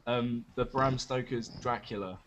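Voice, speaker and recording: A man's voice: mid-range voice, steady tone, measured pace, dull audio, slight background noise. A British man co-hosting a casual podcast, joking and mimicking accents. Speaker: podcast co-host.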